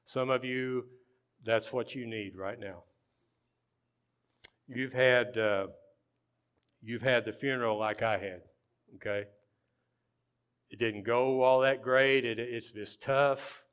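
A man delivering a heartfelt sermon at an unhurried pace. His voice is smooth and mid-pitched, and he often pauses and lets his phrases trail off softly. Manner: slow, earnest, pausing often, trailing off softly. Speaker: pastor.

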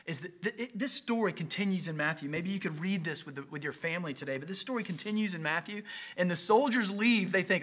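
Impassioned preacher man with a bright voice. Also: a little high, fast talker. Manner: impassioned, swinging from loud emphasis to near whisper; repeats phrases for emphasis. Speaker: pastor. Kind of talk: Easter livestream sermon.

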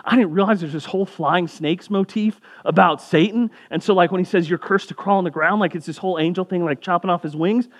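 Young man, pastor, sermon, fairly high voice, chatty asides. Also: a little fast, hardly any pauses. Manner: conversational preaching, casual asides.

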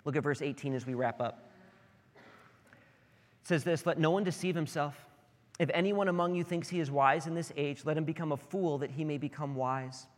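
Male pastor in his thirties, earnest sermon delivery with emphatic climbs, a touch high-voiced, in a church hall. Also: a little fast. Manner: earnest, rising to emphatic peaks. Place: church sanctuary. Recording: hall reverb.

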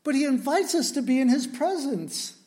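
A man's voice: very high-pitched, expressive, a little mellow. A pastor preaching a sermon, a man who talks earnestly and with feeling, often stopping to restart his sentences. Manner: earnest and impassioned, with halting restarts. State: emotional.

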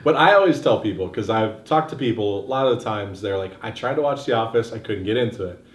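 A man's voice: on the low side, lively intonation, fast. A man co-hosting a casual podcast chat, explaining things in a matter-of-fact way. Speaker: podcast co-host. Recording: roomy echo.

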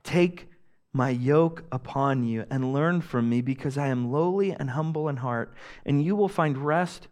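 A young man preaching a sermon with earnest emphasis, rising loud on key phrases and dropping to a hush on others. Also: mid-range voice, a little slow. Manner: earnest preaching, swings between loud emphasis and soft hushed lines. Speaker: pastor.

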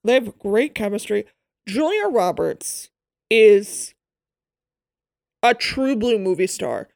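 A chatty woman co-hosting a podcast, her voice carrying a gravelly fry and a pitch that swings freely. She wanders off on quick asides. The recording is close and dry. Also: animated, a little mellow, no room sound. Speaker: podcast co-host. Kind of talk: casual chat.

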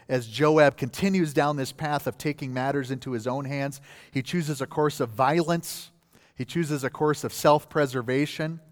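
Reverberant male pastor preaching. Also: medium pitch. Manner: conversational preaching, rising to forceful scripture reading. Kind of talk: sermon.

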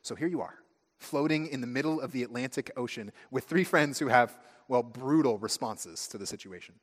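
A man preaching a sermon as pastor, telling stories with lively, acted-out asides. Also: medium pitch, normal speed. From United States. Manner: animated storytelling, acting out friends' voices. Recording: long hall reverb.

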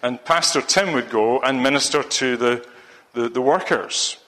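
A man's voice: medium pitch, a little slow, bright, forceful tone, big-room sound. A man preaching a sermon, rambling and restarting his sentences often. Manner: rambling, with many restarts and fillers.

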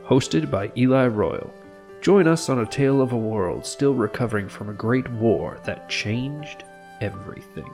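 A man's voice: mid-range voice, lively intonation, unhurried. A man reading a theatrical scripted introduction in a storyteller's manner, addressing the listener as a traveler. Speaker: show narrator. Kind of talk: scripted narration. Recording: music bed behind voice.

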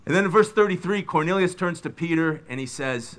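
A middle-aged man preaching a sermon, retelling biblical scenes with lively, dramatic delivery. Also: fairly high pitch, brisk. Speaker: pastor.

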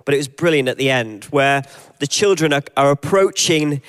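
A man preaching a sermon, reflective, reading passages aloud and slowing down for emphasis. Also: a little high, fairly bright tone. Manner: reflective, reads scripture and story aloud, slows for emphasis.

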